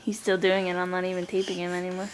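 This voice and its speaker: A woman's voice: fairly low pitch, monotone, fast talker, slight background noise. A young woman at home talking to her baby in cooing, sing-song baby talk. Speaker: mother filming her baby.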